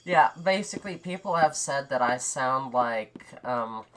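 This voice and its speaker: A young man with a high, nasal, nerdy voice giving rambly, jokey let's-play commentary on a game. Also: expressive, unhurried, fairly bright tone. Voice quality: high nasal nerdy voice, compared to a cartoon sponge. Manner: rambly, jokey, self-deprecating. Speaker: gaming commentator.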